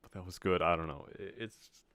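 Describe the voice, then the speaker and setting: A man's voice: deep voice, brisk, fairly bright tone, smooth, no echo. A man giving casual, earnest and reflective commentary while streaming a game.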